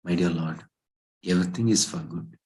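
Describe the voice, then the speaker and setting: A wise and devoted minister answers his king with low, patient calm, voiced by a man. He speaks plainly and unhurriedly, the way a teacher lets a parable's moral land. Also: normal speed, close to an everyday voice. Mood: serene.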